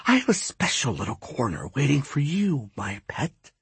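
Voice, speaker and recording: A man's voice: medium pitch, big pitch swings, moderate pace, vocal fry, breathy edge, no room sound, full character voice. A man voicing a cold whispering goddess. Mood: menacing. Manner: hissing, whispery threats. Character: cold menacing female death goddess.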